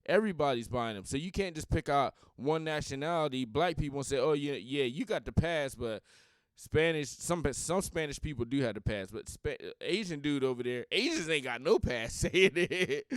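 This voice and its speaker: A man's voice: mid-range voice, lively intonation, moderate pace, clean tone, no echo, studio quality. A man hosting a podcast, talking bluntly in a rambling, opinionated casual monologue. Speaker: podcast host.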